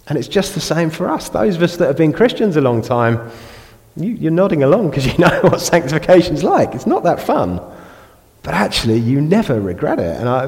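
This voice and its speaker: A man with an English accent preaching a sermon in a church, animated, acting out the voices of people praying and grumbling. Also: mid-range voice. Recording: long reverb of a church hall.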